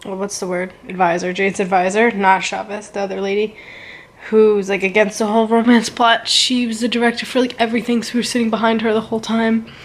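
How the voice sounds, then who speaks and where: A young woman chats through a casual storytime vlog, gushing and rambling with fillers. Her voice stays flat and level, with very little rise or fall in pitch. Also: fairly quick. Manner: gushing, rambling, heavy use of "like" and "so good". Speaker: vlogger.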